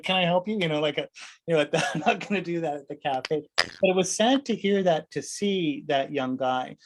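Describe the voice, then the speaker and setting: A man's voice: brisk, noisy background. A man leading a meditation class, talking in a loose, conversational way, often asking "right?" and acting out little voices. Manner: rambling, conversational, full of rhetorical "right?"; acts out voices with sudden high pitch jumps. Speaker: meditation teacher. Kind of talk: casual dharma class talk.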